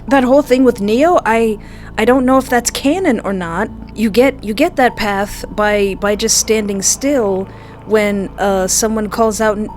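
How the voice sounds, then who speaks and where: A woman reading a visual novel aloud and reacting to it on her channel, with excitable, laughing reactions. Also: mid-range voice. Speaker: game streamer.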